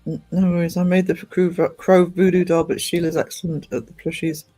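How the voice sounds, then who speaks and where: A man chats casually on a live stream. He rambles with plenty of ums and false starts, his voice pitched a little above the usual male range. Soft music plays faintly behind him. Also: little pitch movement, brisk. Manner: rambling and chatty, with many ums and restarts.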